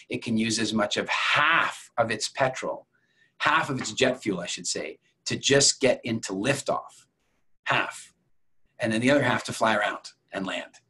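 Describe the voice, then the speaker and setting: A man with a husky, slightly breathy voice at an ordinary middle pitch leads a public speaking masterclass. He talks to viewers directly and conversationally, weaving stories into his lessons. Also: bright, forceful tone. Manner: conversational, storytelling with examples. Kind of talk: masterclass lecture.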